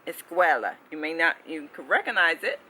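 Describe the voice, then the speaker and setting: A language-learning vlogger giving a casual explanation, animated and full of restarts, who keeps asking the audience "okay?". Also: medium pitch, moderate pace, slight background noise, low-quality recording. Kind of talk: casual explanatory vlog talk.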